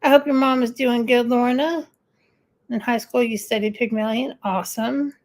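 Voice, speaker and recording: A woman's voice: on the high side, fairly even intonation, moderate pace. A woman hosting a casual live-stream chat, rambling and answering viewer comments. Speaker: livestream host.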